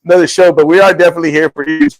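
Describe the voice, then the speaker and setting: Give me an earnest, halting male host. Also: a little high, steady tone, low-quality recording. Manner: earnest, halting storytelling with restarts; acts out quoted dialogue. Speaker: show host. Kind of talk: casual testimony chat.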